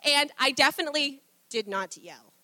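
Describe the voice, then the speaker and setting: A woman pastor, probably in her thirties, preaching a conversational sermon, chatty and quick to laugh, acting out little quoted exchanges. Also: high voice, lively intonation, pushed and bright, no room sound.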